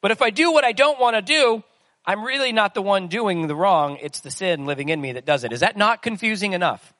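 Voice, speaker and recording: A man's voice: sits high, expressive, brisk, bright, forceful tone, no echo. A man preaching a sermon in a conversational way, asking the listeners questions as he goes. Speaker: pastor.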